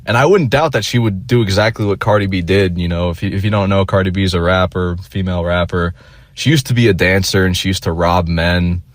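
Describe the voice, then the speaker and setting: A man's voice: low-pitched, fairly quick, no room sound. A young man telling a rambling, profane story in a casual monologue, full of fillers and restarts. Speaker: vlogger.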